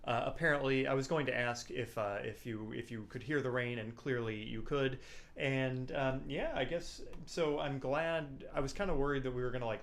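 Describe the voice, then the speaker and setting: A man's voice: mid-range voice, fairly bright tone. Easygoing rambling man from Pennsylvania. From Pennsylvania, USA. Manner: easygoing, hesitant, full of fillers and restarts. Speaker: co-host musician. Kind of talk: casual livestream music lesson.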